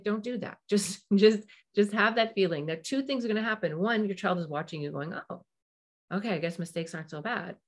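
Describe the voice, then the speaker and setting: A middle-aged woman with a fairly low voice hosts a parenting show. She talks casually and warmly explains her points, breaking off for asides and acting out quick snatches of dialogue. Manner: chatty, full of asides and acted-out quotes. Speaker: parenting podcast host. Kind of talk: casual advice talk.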